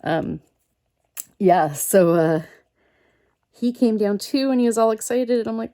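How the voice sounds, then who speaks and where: A woman's voice: mid-range voice, expressive, unhurried, long pauses, warm tone. A woman host chatting casually while she makes a craft page, rambling through stories and talking to herself as she works.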